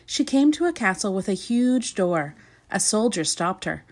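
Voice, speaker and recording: Female storybook reader, middle pitch, very lively intonation. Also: a little slow. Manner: expressive, sing-song reading. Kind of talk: storybook reading aloud.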